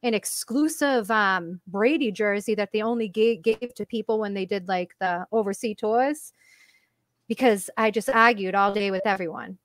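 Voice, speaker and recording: A woman's voice: medium pitch, no echo. A woman from Massachusetts with its accent, chatting casually as co-host, laughing often and swearing freely. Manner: laughs often, swears, talks fast in runs. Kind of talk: casual chat.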